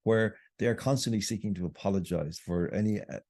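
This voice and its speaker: Deep, husky Irish man, impassioned. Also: brisk, a little mellow, dry recording, studio quality. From Ireland. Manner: impassioned, polemical, emphatic. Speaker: podcast guest, writer. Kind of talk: conversational podcast interview.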